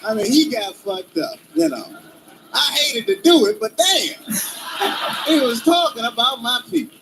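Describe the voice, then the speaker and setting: A man performing a stand-up comedy routine in role-play, with animated, profane storytelling and frequent laughter. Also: very high-pitched, a little slow, background noise.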